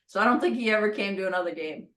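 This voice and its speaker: A middle-aged woman recalling her college rugby days, telling stories in a relaxed, unhurried way. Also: medium pitch, poor audio. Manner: relaxed, unhurried storytelling, drops softer at line ends. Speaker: interview guest, former college rugby player. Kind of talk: casual reminiscing conversation.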